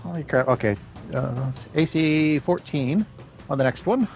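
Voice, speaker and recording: A man with a lively, bouncing voice rolls his attacks and cracks jokes at the table. Faint music plays behind the video call. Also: a little high, a little slow, highs cut off. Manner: jokey, animated. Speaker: player. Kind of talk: casual tabletop play over a video call.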